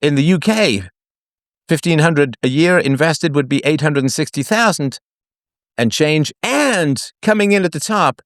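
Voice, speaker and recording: A male host talks through a solo live broadcast, his pitch leaping widely from phrase to phrase. He reads off numbers and drops sarcastic, mocking jokes as he goes. The sound is dry and close, with no room behind it. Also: lively intonation, unhurried, fairly bright tone, no echo. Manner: jokey asides between figures read out. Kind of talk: solo livestream monologue.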